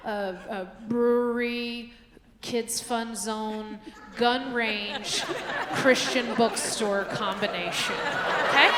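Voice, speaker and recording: A woman's voice: a little high, noisy background. A woman performs a live stand-up set on a theater stage, chatty and self-mocking with punchy asides. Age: late 30s. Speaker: stand-up comedian. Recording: echoey theater hall, faint crowd. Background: audience ambience.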